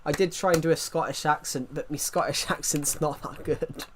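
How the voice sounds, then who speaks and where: Answering viewers during a live stream, a British man in his twenties rambles casually, often repeating himself and starting phrases over. He speaks at a moderate pace with a fairly high, fairly bright voice and fairly even intonation, against slight background noise.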